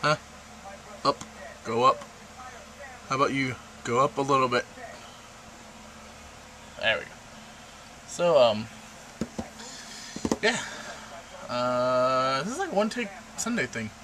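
A man's voice: animated, takes it slowly, pauses often. A young man rambling and joking in a casual vlog from his room at the computer, with random asides. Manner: random, jokey, rambling with sudden pitch jumps. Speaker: vlogger. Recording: noisy home recording.

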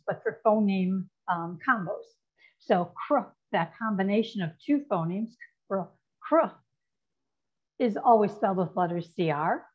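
A woman's voice: medium pitch, highs cut off. A woman presenting a lesson on spelling to teachers, explaining step by step and checking in with "right?" and "okay?". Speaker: literacy educator presenting. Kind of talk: instructional presentation.

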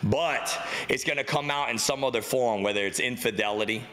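Lässiger Mann im Podcast-Gespräch, sehr hell. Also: male voice, mid-range voice, brisk. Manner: casual, lots of fillers, swears, animated. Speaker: podcast co-host. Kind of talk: casual chat.

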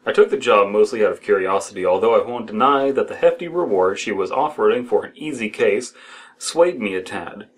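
Young adult man, fairly low voice, casual reader with wry, stumbly humor. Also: animated, brisk, breathy edge. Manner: wry, jokey asides, stumbles over words. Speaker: co-host reading horror stories aloud. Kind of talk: casual reading and joking commentary.

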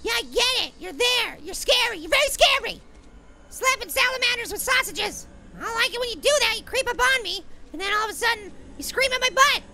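A performer voicing a tiny, excitable cartoon apple who hosts a gaming video, yelling and giving silly names to the monsters. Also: very high voice, a little fast, exaggerated voice. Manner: excitable, shrieks and yells, silly name-calling. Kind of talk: cartoon character game commentary.

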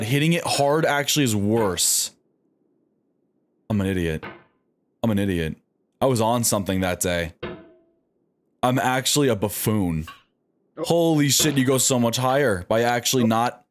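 Animated male streamer talking to himself. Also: medium pitch, slight background noise. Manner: animated self-talk, frequent swearing; pleads and coaxes himself through attempts. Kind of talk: live game commentary.

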